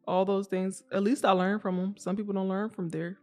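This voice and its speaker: A woman's voice: medium pitch, level tone, brisk, a little mellow, faint music behind. A young woman co-hosting a podcast, talking in a chatty, slangy way and laughing often. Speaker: podcast co-host. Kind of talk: casual chat.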